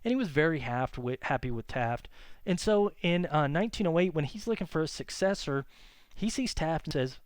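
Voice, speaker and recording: A man teaches history in a loose, chatty lecture, often pausing on fillers and correcting himself mid-sentence. His voice is smooth and clear, at a middle pitch, and recorded close and dry with no room sound. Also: expressive, no echo. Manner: casual and conversational, many fillers and self-corrections.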